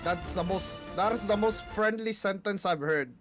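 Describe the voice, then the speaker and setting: A streamer reacting loosely and excitably during a live card game stream, swearing freely. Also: medium pitch, moderate pace, over music. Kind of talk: casual live-stream commentary.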